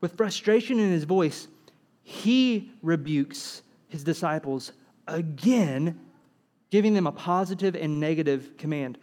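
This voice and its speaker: A man delivers a sermon in a high, bright voice. He is animated, acts out little scenes of dialogue and keeps asking the congregation rhetorical questions. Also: a little slow. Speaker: preacher.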